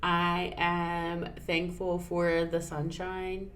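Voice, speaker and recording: A woman's voice: lowish voice, monotone, very slow, fairly bright tone, a little hiss or hum. A woman co-hosting a podcast in casual chat, emotional and supportive. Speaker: podcast co-host.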